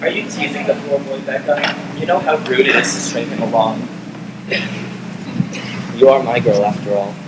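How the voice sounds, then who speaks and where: A man playing a possessive young male vampire in a live stage parody, speaking low and smooth. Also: fairly quick, hardly any pauses, close to an everyday voice. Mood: brooding. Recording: echoey room, loud noise, off mic.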